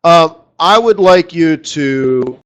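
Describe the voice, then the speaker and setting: A man hosting a live trading session, chatty and excitable, breaking into lively exclamations. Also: fairly high pitch, slow. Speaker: market strategist host. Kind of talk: live trading webinar commentary.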